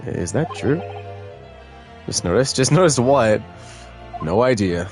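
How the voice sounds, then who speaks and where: With a lowish, animated and slightly mellow voice, this man streams a video game at normal speed with long pauses and faint music behind. He reads the game's lines aloud, jokes and laughs often, and trades casual banter with his chat.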